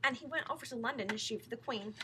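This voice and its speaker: A woman reading a children's book aloud in a lively, playful way. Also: fairly high pitch, very fast, noisy background. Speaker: storyteller.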